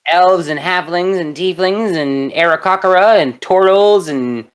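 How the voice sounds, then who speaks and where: A co-host chimes into a relaxed gaming chat show with short, teasing quips and quick agreements. The voice sits at an ordinary middle pitch. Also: smooth. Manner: quick, joking interjections. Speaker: podcast co-host. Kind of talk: casual chat.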